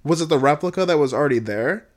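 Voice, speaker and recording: A man giving a casual, profane recap, blunt and exasperated, swinging between low muttering and loud outbursts. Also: expressive, fast talker. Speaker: video creator reviewing a game.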